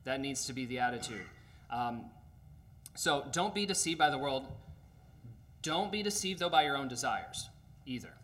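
A man preaching an earnest, emphatic sermon, often pausing with fillers. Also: mid-range voice, animated, fairly bright tone.

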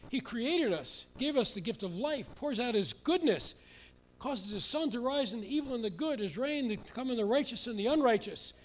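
Guy preaching a sermon, kinda high voice, punchy and mocking in spots, gets loud. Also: lively intonation, normal speed. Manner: emphatic, mocking asides with sudden loud outbursts. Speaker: pastor. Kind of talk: expository sermon.

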